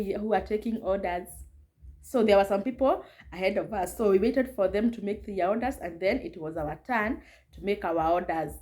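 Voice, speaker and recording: A woman, a vlogger casually telling a story in an animated way, laughing often and slipping into Swahili phrases. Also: mid-range voice. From Kenya.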